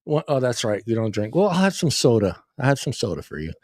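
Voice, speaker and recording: A man's voice: medium pitch, sing-song, fast, darkish tone, no echo. A man hosting a podcast in casual chat, joking and laughing loosely with plenty of swearing. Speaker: podcast host.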